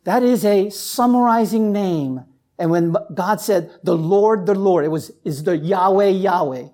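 Emphatic preaching man. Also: a little slow. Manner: emphatic preaching, rising to near shouts and dropping low; repeats phrases, asks the congregation "right?". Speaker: pastor. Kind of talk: sermon.

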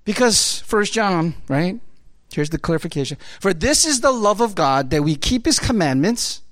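Pastor, sermon delivery, lively pitch swings, dry close sound, punchy rhetorical questions. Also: no echo. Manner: emphatic, rapid-fire rhetorical questions; conversational, repeats key phrases.

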